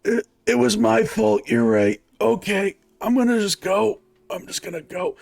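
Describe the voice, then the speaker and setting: A man's voice: high voice, big pitch swings, measured pace, vocal fry, no echo, studio quality, pitched above the performer's own voice, heavily acted. A man voicing a frightened, wounded man who stammers and pleads, in a tabletop game. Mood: panicked.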